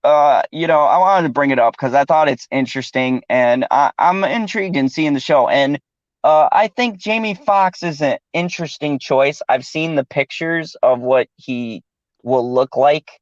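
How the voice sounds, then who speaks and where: On a dull, dry lo-fi recording, a podcast host keeps things loose and profane, laughing a lot and swearing freely during a casual chat. He sounds a little high-pitched and speaks at a normal speed.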